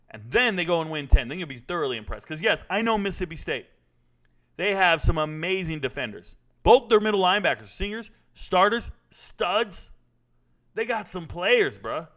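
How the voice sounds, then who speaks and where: A man hosting a live stream, answering chat questions about college football in a brash, animated way, arguing with viewers. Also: high voice. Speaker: livestream host answering chat.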